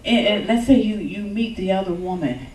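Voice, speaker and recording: A woman giving a joking, lively talk on relationships at a church service, acting out little quotes as she goes. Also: mid-range voice, normal speed, slight background noise. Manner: animated, joking, acts out quotes. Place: church hall with congregation. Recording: echoey hall, mic from far off.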